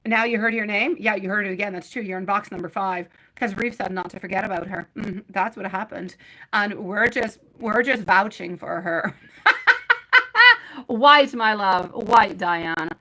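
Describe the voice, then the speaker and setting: A woman hosting a live tarot reading, talking straight to her viewers. Her voice is bright and ringing, and she showers them with endearments like sweetie and my love while answering their questions one after another. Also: mid-range voice, moderate pace, low-quality recording. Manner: chatty, reads out viewer names and questions. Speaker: tarot reader.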